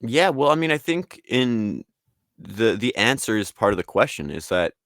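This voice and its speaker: Man, interview guest, rambling, animated, slightly low voice, dry sound. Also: moderate pace, no room sound. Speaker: guest artist and league founder. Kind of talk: casual conversational interview.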